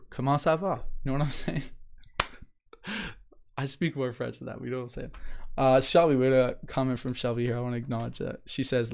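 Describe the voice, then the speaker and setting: A man hosting a motivational podcast, talking energetically and emphatically, repeating phrases, restarting sentences and laughing often. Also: mid-range voice. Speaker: podcast host.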